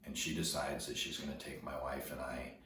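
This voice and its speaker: Very deep-voiced man telling his story. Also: little pitch movement. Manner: halting, often repeats words while recalling. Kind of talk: personal storytelling. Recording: very echoey room, distant mic, noticeable background noise.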